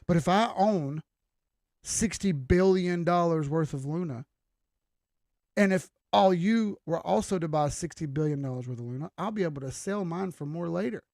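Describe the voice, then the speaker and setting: A man's voice: on the high side, normal speed, gravelly, a little mellow, dry recording, studio quality. A young man hosting a crypto trading livestream, giving an emphatic, preachy, blunt pep talk with casual swearing.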